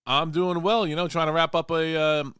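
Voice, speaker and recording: A man hosting a casual radio interview show, playful and repetitive, with a New York accent, often trailing off quietly. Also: fairly high pitch, level tone, normal speed, clean tone.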